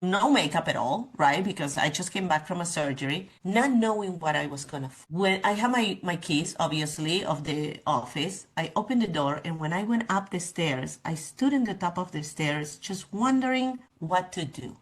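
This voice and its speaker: A woman's voice: fairly low pitch, lively intonation, normal speed, hardly any pauses. A middle-aged woman, a guest author and coach, candidly recounting a personal story in an interview, with frank asides.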